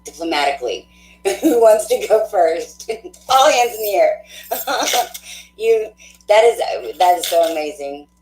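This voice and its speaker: A woman hosting a live tarot stream, chatting casually with viewers, effusive and quick to laugh, thinking aloud with fillers. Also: mid-range voice, animated, darkish tone, roomy sound, a little hiss or hum, poor audio.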